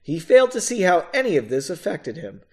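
A man's voice: high-pitched, big pitch swings, fairly quick, a little mellow. A man reading a story aloud and breaking off for casual, self-mocking asides. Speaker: reader of his own novel.

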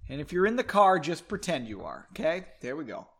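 A man's voice: fairly high pitch, big pitch swings, fairly quick, fairly bright tone. A man hosting a comedic book reading podcast, breaking off to drink and mock the text with sarcastic asides. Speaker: podcast host.

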